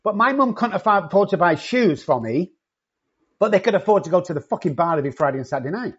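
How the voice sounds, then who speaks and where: Man, blunt treatment-company owner, profane and direct, husky voice, muffled recording. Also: high voice, animated, quick pace. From not from England. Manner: profane, cocky and confrontational. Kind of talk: blunt podcast conversation.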